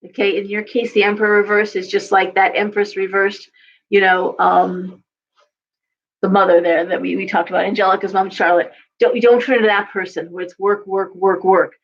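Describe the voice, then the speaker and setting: A woman's voice: medium pitch, little pitch movement, moderate pace. Chatty woman reading tarot, lo-fi. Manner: chatty, repeats words, coaching tone. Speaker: tarot reader. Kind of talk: casual live tarot reading.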